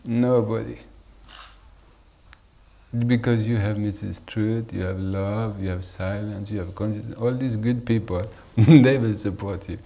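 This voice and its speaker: Slow-spoken man giving a spiritual talk. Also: fairly low pitch, steady tone, creaky, warm tone. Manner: unhurried, playful, chuckling often. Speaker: spiritual teacher.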